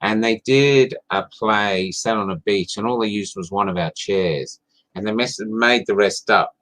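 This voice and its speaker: A man's voice: fairly low pitch, unhurried, fairly bright tone, poor audio. A man, a playwright chatting casually and telling rambling, enthusiastic stories about his theatre work. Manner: enthusiastic storyteller, rambling with restarts. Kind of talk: casual chat.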